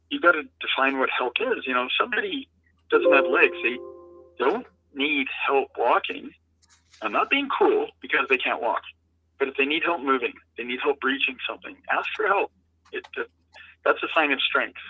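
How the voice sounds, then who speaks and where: A man's voice: medium pitch, husky, dry recording. Earnest man on a tinny phone line. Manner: earnest, halting, heartfelt. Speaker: guest, founder of an adaptive lacrosse program. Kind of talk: interview storytelling. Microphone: remote call-in.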